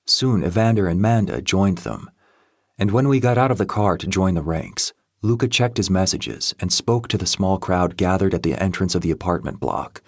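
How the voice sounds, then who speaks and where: A man with a deep, low voice reads a first-person audiobook in a steady, measured way. The recording is dry and close, with no room sound. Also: dry recording. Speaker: audiobook narrator.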